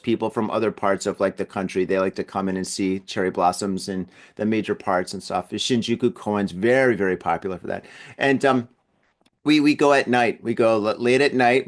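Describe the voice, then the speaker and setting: A man hosting his own podcast in casual solo chat, easygoing and chatty, often laughing at himself as he talks. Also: medium pitch. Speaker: podcast host. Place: at home in an apartment building.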